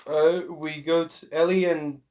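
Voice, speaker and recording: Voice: mid-range voice, flat delivery, measured pace, darkish tone, a little hiss or hum. A podcast co-host casually walking through the plot of a horror movie, now and then quoting the characters. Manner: plot-summarizing, laid-back, quotes characters in passing. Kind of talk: casual movie recap chat.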